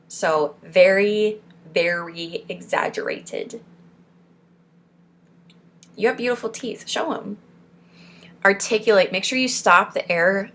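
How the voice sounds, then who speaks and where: A young woman from Florida hosts a support group lesson, reading speech exercises aloud and breaking off into encouraging pep talk. She speaks slowly, in a slightly low voice. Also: fairly bright tone. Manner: encouraging, pep-talk asides between read points.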